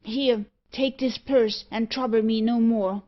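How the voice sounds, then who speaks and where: A woman reading the part of a troubled, defiant gentleman who speaks earnestly and firmly. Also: a little high, fairly even intonation, measured pace, lo-fi sound, natural voice.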